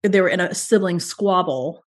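A woman's voice: fairly low pitch, normal speed. A woman speaking as a podcast guest, earnest and reflective, talking through her parenting in long flowing thoughts. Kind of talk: podcast interview conversation.

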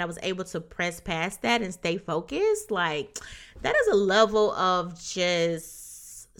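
Young adult woman, podcast host, earnest motivational talk, bright forceful tone. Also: on the low side. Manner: earnest and encouraging, often adds "right?".

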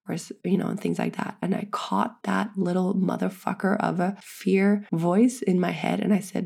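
A woman's voice: lowish voice, flat delivery, normal speed, creaky, hardly any pauses, mellow, breathy edge. A pregnant woman frankly telling her own birth story, earnest and swearing freely. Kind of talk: candid personal storytelling.

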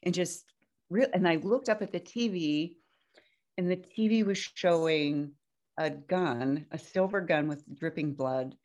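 A woman guest telling a personal story in a casual, animated way, jumping up high when she quotes herself. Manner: animated, breaks into high-pitched quoted outbursts.

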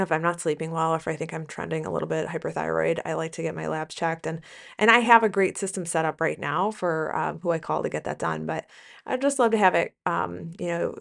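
A woman's voice: lowish voice, vocal fry. A woman hosting a podcast, talking casually in a rambling, chatty way with lots of fillers and self-corrections. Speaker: podcast host and business coach for nurses.

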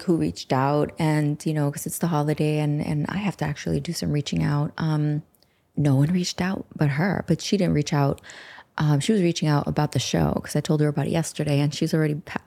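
A woman in her forties from the United States, hosting her own show in a chatty, rambling way and slipping into soft whispered asides. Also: low-pitched, creaky. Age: 40s. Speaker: podcast host. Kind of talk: casual solo talk.

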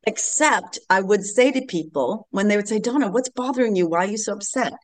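A woman in her late fifties, a podcast guest telling a personal story in an earnest, animated way. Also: mid-range voice, a little fast. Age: late 50s. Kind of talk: casual interview storytelling.

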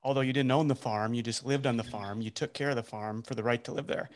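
A male podcast host summing up his guest's story in a reflective, halting way. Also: medium pitch, fairly even intonation. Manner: reflective, with many fillers and restarts. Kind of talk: casual interview.

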